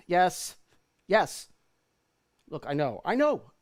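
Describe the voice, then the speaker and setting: A man's voice: a little high, sing-song, moderate pace. A man performing in a live-streamed theater show who keeps apologizing, getting exasperated and swearing as things go wrong. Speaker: stage performer. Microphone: video call.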